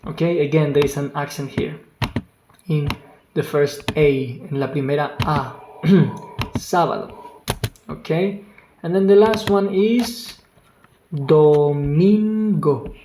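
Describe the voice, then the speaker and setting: A language teacher giving an online lesson, speaking slowly and patiently, repeating each word several times and exaggerating the pronunciation on purpose. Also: mid-range voice, mellow, slight background noise. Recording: roomy echo with faint keyboard clicks.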